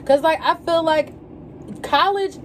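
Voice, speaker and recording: A young adult woman vlogger tells a story while getting ready, casual and animated, often slipping into slangy quoted exclamations. Her voice is high and she talks a little slowly. A faint room hum stays in the background.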